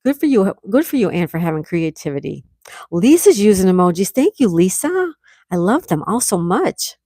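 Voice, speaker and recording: A woman's voice: mid-range voice, big pitch swings, normal speed, dark tone, no echo. Chatty woman livestream host, dry sound. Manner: chatty, reads viewer comments aloud and greets each by name. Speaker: livestream host reading chat. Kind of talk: casual live chat. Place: indoors at home.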